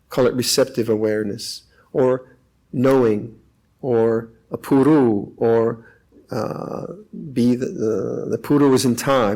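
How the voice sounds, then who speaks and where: An older man, a monk, giving a calm, reflective meditation talk with frequent pauses at a retreat. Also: medium pitch, rough recording. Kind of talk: dharma talk.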